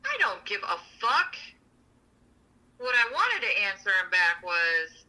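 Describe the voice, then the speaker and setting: Podcast lady, super bright voice, swears a lot, venting. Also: mid-range voice, very animated, slow, pauses often, poor audio. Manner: blunt, profane venting. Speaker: podcast co-host. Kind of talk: casual chat.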